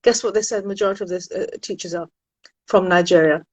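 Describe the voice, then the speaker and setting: A woman's voice: on the low side, quick pace, slightly rough, no echo, poor audio. A woman who works as a university admissions consultant, chatting animatedly with viewers on a live stream from home. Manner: chatty and animated, frequent exclamations.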